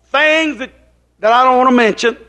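A male preacher with a strikingly high-pitched voice delivers a rambling, folksy sermon. He keeps asking his listeners whether they understand him and slips into retold conversations. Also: moderate pace, pushed and bright. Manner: folksy, rambling, drops into quoted dialogue; questions the congregation often.

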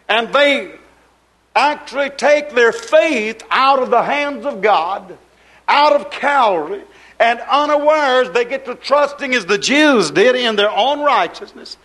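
A man preaching a sermon in an impassioned, rhythmic, repetitive way, with folksy colloquial grammar, swinging between raised exhortation and quiet asides. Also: very high voice, rough recording.

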